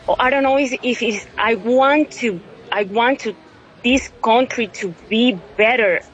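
This emotional phone interview features a woman from Venezuela in her thirties whose voice sits on the high side. Overwhelmed and close to tears, she stumbles through her words, restarting again and again.

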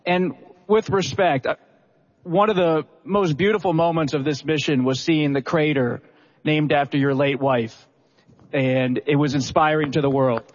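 A man interviewing a guest, earnest and a little halting, speaking respectfully. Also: on the high side, steady tone. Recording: dull sound with a long hall reverb.

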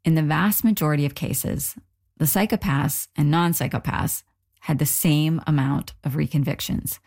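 A woman hosting a radio documentary, reading scripted narration in a measured, explanatory way. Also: sits low, gravelly, darkish tone.

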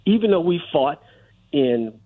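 A man's voice: a little high, animated, a little slow. A middle-aged man calling in to a radio talk show, making his argument insistently and holding the floor. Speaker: caller. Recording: tinny phone line.

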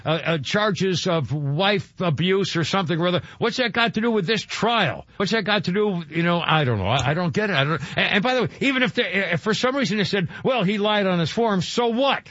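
Older guy radio host, kinda high voice, rambles and chuckles a lot, dull lo-fi radio sound. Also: lively intonation, brisk, hardly any pauses, a bit bright, no room sound. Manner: rambling, chuckling, full of restarts. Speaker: radio talk show host. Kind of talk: casual talk radio chat. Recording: dull lo-fi radio broadcast, dry.

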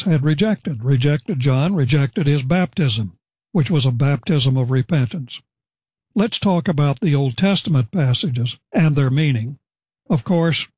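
A man giving expository Bible teaching in a measured, explanatory way, slowing down for emphasis. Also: a little high, darkish tone, breathy edge, dry recording.

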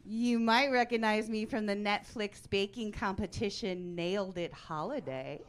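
A woman in her forties performing a stand-up comedy set on a club stage, deadpan with sudden loud punchlines. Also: medium pitch, a little slow.

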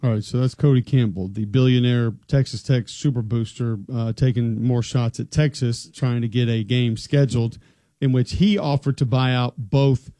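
Mellow-voiced sports talk host. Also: male voice, medium pitch, no echo, clean studio sound.

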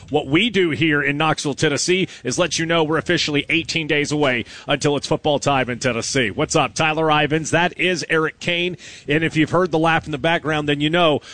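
A man hosting a sports radio show, delivering brisk, booming banter and live reads. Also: pushed and bright, dry recording.

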